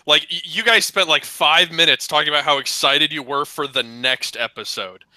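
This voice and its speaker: A man's voice: fairly high pitch, normal speed, bright, forceful tone, no echo. A man in casual podcast chat, teasing and wisecracking.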